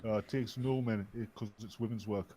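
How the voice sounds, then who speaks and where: A man's voice: lowish voice, fairly even intonation, fast, warm tone. A man on a casual online group chat who keeps telling joke setups and punchlines. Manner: joking, trading one-liners.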